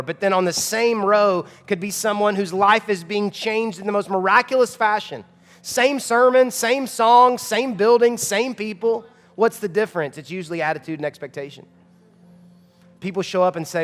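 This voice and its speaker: A man's voice: high-pitched, steady tone, a little fast, a bit bright, long reverb tail. A man in his thirties preaching a sermon as pastor, emphatic and conversational, with frequent rhetorical questions to the congregation. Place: church auditorium.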